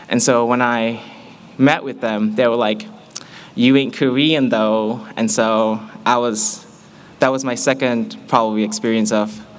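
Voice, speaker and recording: Telling his own story as testimony, a young man from Malaysia with an American accent is open and self-mocking, becoming lively when quoting himself. He has a mid-range voice, and the recording has a little hiss or hum.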